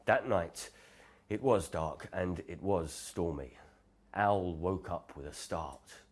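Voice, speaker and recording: A man narrating a children's bedtime story in a gentle, expressive storytelling manner. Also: sits low, takes it slowly.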